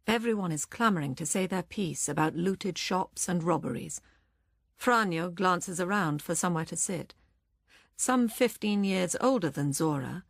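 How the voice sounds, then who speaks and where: Woman audiobook narrator, lowish voice, even pacing, dead-dry studio sound. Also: gravelly, dry recording.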